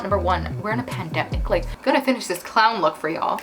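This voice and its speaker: A young woman telling a casual storytime while doing her makeup, chatty and animated, with lots of "like". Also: medium pitch, fast, hardly any pauses. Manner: chatty, heavy use of "like", animated retelling. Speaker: vlogger. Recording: background music.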